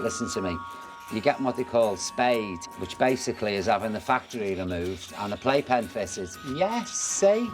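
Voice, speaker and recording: Older male presenter, camp and cheeky, animated delivery, music bed. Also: lowish voice. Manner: camp, joking asides, cooing at dogs. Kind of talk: documentary narration and chat.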